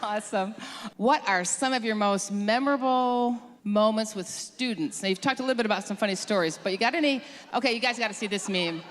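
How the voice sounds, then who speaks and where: A woman's voice: a little high, brisk, in a large hall, a little hiss or hum. A woman moderating a church panel, asking questions in an upbeat, chatty way.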